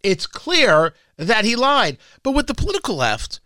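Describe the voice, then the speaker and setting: A man's voice: extremely high pitch, wildly swooping pitch, moderate pace, bright, forceful tone, no room sound. A man hosting a talk radio show, giving chatty, opinionated commentary with frequent restarts and asides. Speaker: radio host.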